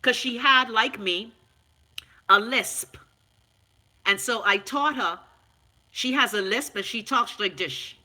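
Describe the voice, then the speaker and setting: A Bahamian woman hosting a casual live stream, frank and animated, swearing freely and answering viewer comments. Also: fairly high pitch, slow, long pauses. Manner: loud, animated, talks back to viewer comments.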